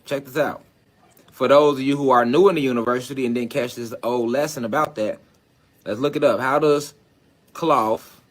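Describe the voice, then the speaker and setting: A man's voice: fairly high pitch, fairly bright tone. A man lecturing on a livestream, firing rhetorical questions and driving his points home.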